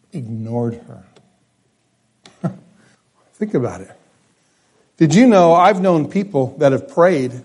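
A man delivers a sermon at a church service in a husky, breathy voice that sits a little high. He swings between loud, lifted declarations and quiet, low-pitched phrases. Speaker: preacher.

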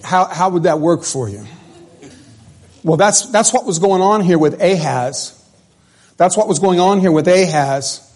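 A man's voice: sits high, unhurried, pauses often, darkish tone. A man preaching a sermon in a conversational way, often asking the congregation questions. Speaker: pastor.

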